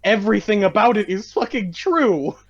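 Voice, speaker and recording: An American man on a podcast, swearing freely and playing up his outrage. His voice sits fairly high and leaps around a lot. The audio is dull and lo-fi. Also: lively intonation, moderate pace. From United States. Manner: profane, blunt, mock-outraged. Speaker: podcast co-host. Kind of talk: casual podcast chat.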